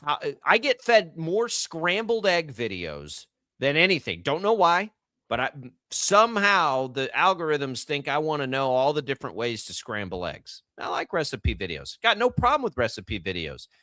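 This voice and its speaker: A middle-aged man ranting in disbelief on a radio sports show, his voice high and swinging widely up and down. The tone is bright and sharp. The studio mic sounds close and dry. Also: normal speed, no room sound. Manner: animated, incredulous ranting. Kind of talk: casual radio banter.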